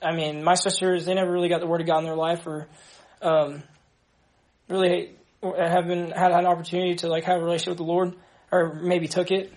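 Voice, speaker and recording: High-voiced young man, earnest testimony. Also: little pitch movement, a little mellow. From Dallas, Texas. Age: young adult. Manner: earnest, halting, many restarts. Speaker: ministry member giving testimony. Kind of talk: personal testimony to a group.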